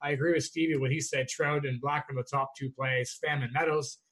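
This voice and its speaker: A man giving a quick, confident rundown of fantasy baseball picks as a co-host. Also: mid-range voice, fairly even intonation, fairly bright tone. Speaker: co-host analyst. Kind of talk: fantasy baseball strategy chat.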